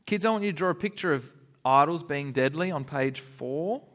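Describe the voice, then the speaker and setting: A man giving a lively Bible lesson to children, laughing often and acting out the characters. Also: a little high, normal speed. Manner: animated, laughing, acts out characters. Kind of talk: lively kids' sermon.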